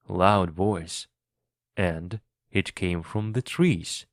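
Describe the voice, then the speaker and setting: A man narrating a story in clear, deliberate English for learners. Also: low voice, no room sound, clean studio sound. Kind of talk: slow audiobook reading for learners.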